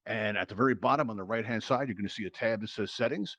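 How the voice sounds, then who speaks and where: A man's voice: on the low side, quick pace, a bit bright, dry recording. A man hosting a live game show in virtual reality, an upbeat showman hyping up the crowd through a headset mic. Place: virtual reality social app.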